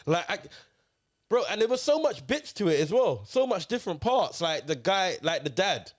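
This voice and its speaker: A man, chatting casually as a movie reviewer and firing off baffled questions. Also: high-pitched. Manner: animated, rapid questions, lots of "bro" and "like". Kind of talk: casual chat.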